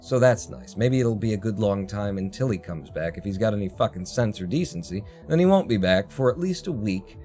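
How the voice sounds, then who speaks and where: A man's voice: fairly low pitch, animated, brisk, few pauses, dark tone, faint music behind. Man ranting, swearing heavily. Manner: heated, heavily profane ranting. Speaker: livestream host. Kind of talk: casual ranting story. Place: home, indoors.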